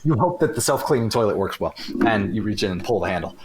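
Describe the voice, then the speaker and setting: A young man narrating a tabletop game as game master, halting with restarts and fillers. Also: lowish voice, animated, background noise.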